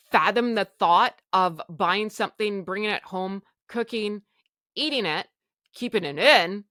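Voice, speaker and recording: A middle-aged woman telling a personal story on a podcast, animated and acting out the lines of everyone involved. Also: mid-range voice, no echo, clean studio sound. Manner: animated retelling with quoted dialogue. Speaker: podcast guest sharing her story.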